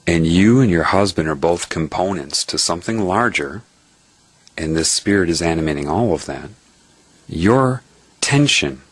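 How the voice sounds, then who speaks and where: Man, very low husky voice, dry close sound, earnest spiritual storyteller. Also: no room sound. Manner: earnest, explanatory, tags points with "right?". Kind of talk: spiritual monologue told as a personal story.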